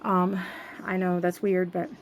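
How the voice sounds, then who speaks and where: A woman's voice: on the low side, completely flat delivery, unhurried, slight background noise. A young adult woman telling an upset storytime to her vlog viewers, venting with many fillers and restarts. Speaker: doll collector vlogger.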